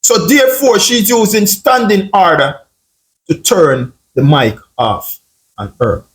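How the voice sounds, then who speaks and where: A man with a Jamaican accent comments on a clip, slipping into patois and throwing out rhetorical questions. His voice sits high and he takes his time. The room around him is echoey. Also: slow pace. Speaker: online commentary host. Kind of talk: casual commentary.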